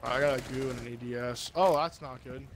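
A man's voice: mid-range voice, a little fast, slight background noise. A man streaming a shooter game, chatting casually with a teammate and teasing him dryly. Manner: teasing, laughing, dry. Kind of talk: casual gaming commentary.

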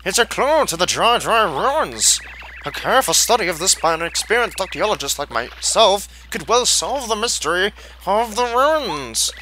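A man's voice: high-pitched, sing-song, normal speed, pushed and bright, slight background noise, voice pushed up, exaggerated voice, low-quality recording. A man voicing a pompous male archaeologist explorer in a put-on posh British accent, plummy and theatrical.

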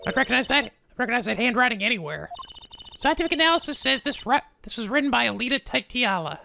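A grumpy young woman detective, voiced by a man for a game, curt, sulky and deadpan. The voice sits very high with a gravelly rasp, with game music behind it. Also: fast, heavily acted.

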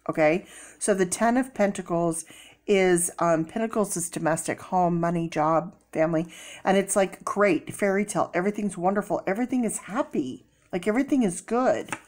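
A woman giving a casual tarot reading, chatty with many fillers and sudden excited bursts. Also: on the low side. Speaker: tarot reader.

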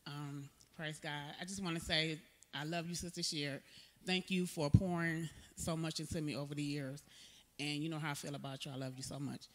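A man's voice: fairly high pitch, little pitch movement, moderate pace. A man speaking for the church greeters, opening with a formal church greeting and thanking the honoree. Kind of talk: church tribute remarks. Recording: long hall reverb.

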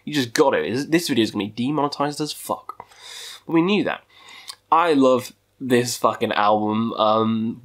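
A man's voice: mid-range voice, unhurried, fairly bright tone. A man hosting a casual video countdown, talking in a profane, goofy way with jokey asides. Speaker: metal music YouTuber.

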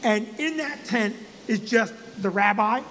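Man, high voice, live comic storytelling, swearing, shouted punchlines, long hall reverb. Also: measured pace, a little hiss or hum. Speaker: comedian and co-host.

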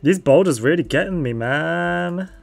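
Male game streamer, playful and giggly, lively swings in pitch. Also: measured pace, creaky, faint music behind. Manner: playful and giggly, with sudden yelps. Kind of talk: casual gaming chat.

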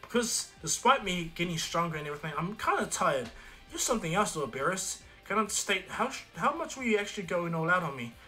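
Man voicing an eager cheerful young fighter, upbeat, bright, a bit high. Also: very animated, a little fast, faint music behind, full character voice.

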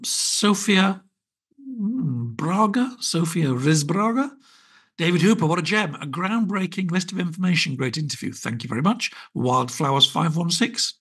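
Man, british host, casual wry chat, raspy, some vocal fry. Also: mid-range voice, fairly bright tone. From Britain. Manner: chatty, wry, rambling with fillers. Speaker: podcast host. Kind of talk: casual solo podcast chat.

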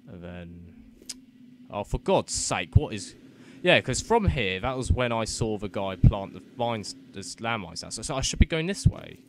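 A young man, giving flustered, self-mocking let's-play commentary with sudden loud outbursts and muttered swearing. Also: fairly low pitch, very animated, normal speed, a little hiss or hum. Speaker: gaming commentator.

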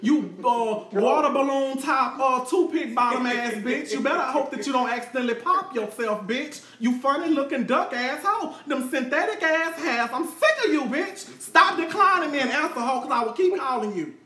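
A woman hosting a live show, loudly trash-talking and laughing as she roasts people. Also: high voice, expressive, moderate pace, few pauses. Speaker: host. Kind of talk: loud raunchy live-stream chat. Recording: echoey room.

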